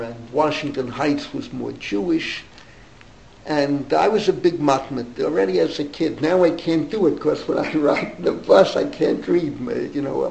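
Gravelly older New man rambling. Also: on the high side, a little mellow. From New York. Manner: digressive, many fillers and restarts. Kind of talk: rambling anecdotal storytelling. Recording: roomy echo, faint background noise.

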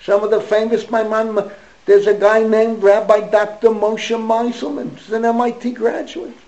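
A man's voice: high voice, fairly even intonation, normal speed, a little mellow, lo-fi sound. An older man, a rabbi, giving an informal Torah class, rambling through anecdotes sprinkled with Hebrew and Yiddish and calling on his students by name.

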